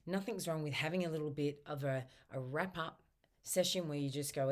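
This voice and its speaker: A woman practitioner giving gentle self-help instruction, guiding a tapping round and slowly repeating its phrases. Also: sits low.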